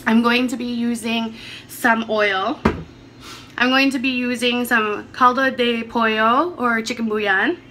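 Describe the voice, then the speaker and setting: A woman with a hoarse, sick voice chatting casually through a home cooking vlog, upbeat and a little rambling. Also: on the high side, fairly even intonation, a little slow, background noise. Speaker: vlogger.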